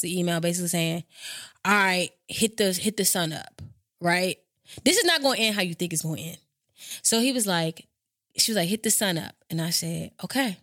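Woman, podcast host, lively storytelling, swears freely. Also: medium pitch, no echo, studio quality. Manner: animated, profane, acts out her own quotes. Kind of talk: casual storytelling monologue.

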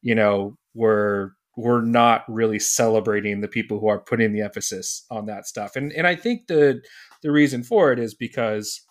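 A man's voice: on the low side, moderate pace. A man hosting a podcast in casual chat, loose and rambling with many fillers. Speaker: podcast host.

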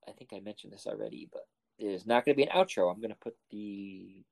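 A man's voice: fairly low pitch, fast, gravelly, darkish tone. A man hosting a podcast in casual, joking chat, laughing often and rambling loosely. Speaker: podcast host.

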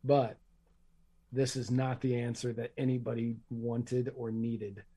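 Mellow-voiced earnest podcast man. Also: mid-range voice, flat delivery, a little slow, breathy edge. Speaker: podcast co-host. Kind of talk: casual chat.

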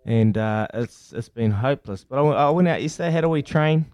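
A man's voice: medium pitch, no room sound, highs cut off. Matey New Zealand man on sports radio. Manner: friendly, matey, quick run-on chatter. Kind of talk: casual radio sports chat.

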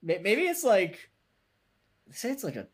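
A man's voice: high-pitched, huge pitch swings, moderate pace, husky. A man co-hosting a podcast, easygoing and hedging as he chats. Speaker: podcast co-host. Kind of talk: casual chat.

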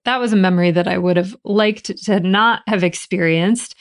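A woman's voice: medium pitch, normal speed. A woman hosting a podcast, telling a personal story in a chatty way and laughing often. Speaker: podcast host.

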